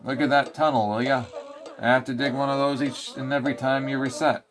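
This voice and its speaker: A man doing a gruff scolding mole. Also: medium pitch, level tone, brisk, natural voice. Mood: ranting. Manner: scolding, blustery, slangy. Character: gruff angry male mole scolding the player. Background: game music.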